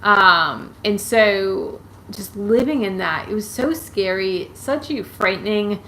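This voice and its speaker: A woman's voice: mid-range voice, slow, a bit bright, a little hiss or hum, rough recording. A woman chatting casually on a live stream, rambling with many fillers and restarts as she answers viewers' comments. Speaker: YouTuber answering viewer questions.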